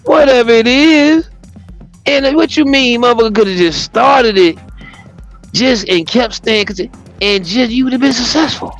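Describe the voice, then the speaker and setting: A man hosting a livestream, reading a text aloud and breaking off into loud, profane commentary. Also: very high voice, normal speed, gravelly, muffled recording, faint music behind. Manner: animated, profane, reads a text aloud and riffs on it. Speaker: livestream host.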